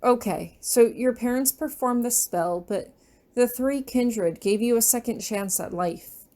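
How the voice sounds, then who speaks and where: A woman reading her fan fiction aloud in a gentle, unhurried storytelling manner. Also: fairly high pitch.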